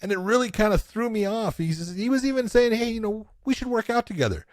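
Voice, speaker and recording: A man co-hosts a fight podcast, talking in an even, explanatory way. His voice sits a little high. The sound is dry and close. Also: fast, no echo. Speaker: podcast co-host, former referee. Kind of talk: casual chat.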